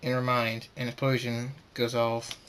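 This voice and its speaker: A man reading an amateur fan story aloud in a middling voice. He reads in a halting way, with frequent stammers and restarts. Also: mid-range voice, completely flat delivery, a bit bright, slight background noise. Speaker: narrator.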